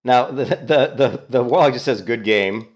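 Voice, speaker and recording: Man, casual gameplay commentary, amused, retelling chat, mid pitch. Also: normal speed. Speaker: game streamer.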